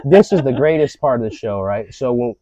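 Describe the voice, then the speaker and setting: A man's voice: medium pitch, lively intonation, a little fast, a loud crowd. A man hosting a podcast, talking in a casual, profane and rambling way as he rants. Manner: profane, rambling ranting delivery. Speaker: podcast host. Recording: slightly dull lo-fi audio.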